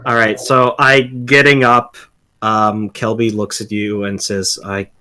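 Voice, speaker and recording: A man playing his character in a tabletop role-playing game, talking in a halting way with many fillers and restarts. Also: fairly low pitch, level tone, bright, forceful tone, a little hiss or hum. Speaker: tabletop player.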